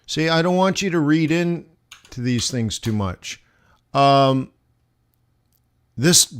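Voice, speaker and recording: A man teaches forex on a live stream in an unhurried, conversational way. He keeps asking his viewers rhetorical questions as he walks through the charts, speaking into a desk mic at his computer. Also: on the high side, animated, clear, resonant tone. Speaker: forex trading instructor. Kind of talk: live-stream trading lesson.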